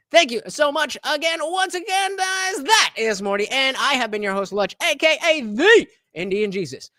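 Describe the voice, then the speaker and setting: A man's voice: sits high, bright, forceful tone. A man hosting a live stream, talking casually and sarcastically, swearing and mocking others with exaggerated voices. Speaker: livestream host.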